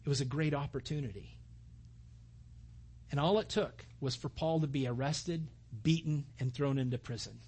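A man preaching a sermon, retelling a scripture story in a lively way and acting out the dialogue. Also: medium pitch, moderate pace, husky. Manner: animated, acts out the story's dialogue. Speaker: pastor.

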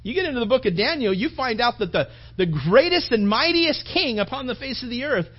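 Man, pastor, sermon, very high voice, casual emphatic preaching, muffled lo-fi sound. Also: big pitch swings, a little fast. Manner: conversational, emphatic preaching with repetitions.

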